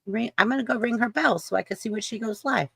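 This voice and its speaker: A woman's voice: a little high, quick pace, creaky, a bit bright, breathy edge, no room sound, poor audio. A woman from California co-hosting a casual reaction stream, making plain, matter-of-fact remarks. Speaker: stream co-host.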